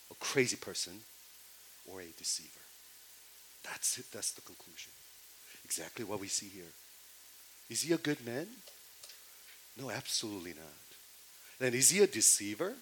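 A middle-aged male pastor preaching a sermon, asking the congregation rhetorical questions and swinging between loud emphasis and hushed lines, with non-native English phrasing and restarts. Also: medium pitch, slight background noise, rough recording.

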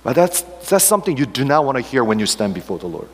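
A man's voice: mid-range voice, big pitch swings, fast. Man preaching in an echoing hall. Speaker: pastor. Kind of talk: sermon.

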